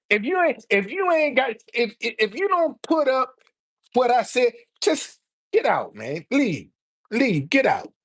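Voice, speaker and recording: Fairly high-pitched with a breathy edge, this livestream host in her seventies talks back to her viewers heatedly. Lots of swearing, repetition, and stuttering restarts fill her speech.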